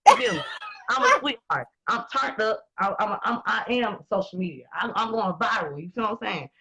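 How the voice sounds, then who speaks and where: A woman, talking in blunt, profane and animated casual chat as host. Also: mid-range voice, fairly quick, husky, low-quality recording. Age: 20s.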